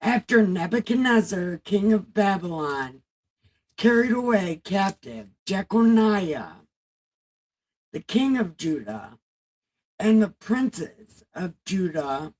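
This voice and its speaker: A woman reading the Bible aloud on a casual livestream, halting over the text and breaking off into chatty, salty asides. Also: mid-range voice, sing-song, a little mellow, rough recording.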